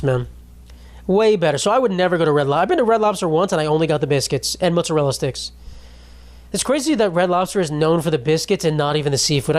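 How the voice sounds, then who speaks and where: A young man hosting a podcast, talking in a rambling, profane, bro-speak comedic monologue with a dry throat. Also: fairly high pitch. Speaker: podcast host. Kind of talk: read sponsor ad.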